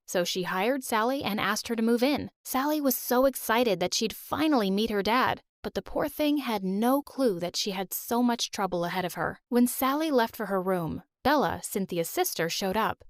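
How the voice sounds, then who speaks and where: A woman narrating a dramatic story in a brisk storytelling style. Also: on the high side, lively intonation, no room sound, clean studio sound.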